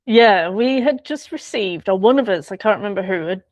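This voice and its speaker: A woman author recalling a friend in a relaxed interview, chatty and quick to laugh. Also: medium pitch, no echo. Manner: chatty, laughs often, trails off and restarts. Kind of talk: conversational interview.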